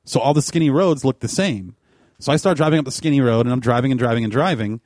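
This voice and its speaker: A man spins a long, winding story in easy conversation, stacking fillers as he goes. His voice sits at an ordinary middle pitch and is recorded dry and close, with no room sound. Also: fast talker, no echo. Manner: rambling, animated storytelling with fillers. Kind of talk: casual chat.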